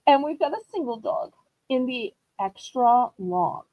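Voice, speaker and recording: A woman's voice: on the high side, very animated, unhurried, dark tone, no room sound, poor audio. A woman hosting a live online auction, chatting in a gushing, upbeat way as she shows items. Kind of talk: live selling stream chat.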